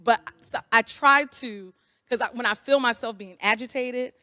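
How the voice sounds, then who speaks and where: A woman with a fairly high voice talking candidly in casual conversation. Her sound is dry and close. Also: moderate pace, bright, forceful tone, no echo. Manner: frank, conversational, acts out her own quotes. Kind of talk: casual chat.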